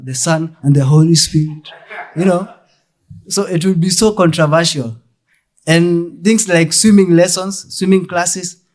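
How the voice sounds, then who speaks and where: A young Kenyan man with a Kenyan accent performing a deadpan stand-up comedy set, mixing English and Swahili. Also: on the high side.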